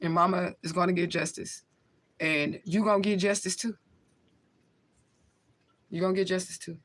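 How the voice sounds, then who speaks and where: A woman's voice: fairly low pitch, fairly even intonation, moderate pace. Emotional, profane woman livestreaming. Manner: emotional, blunt and profane, with frequent laughs. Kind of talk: casual livestream talk to camera.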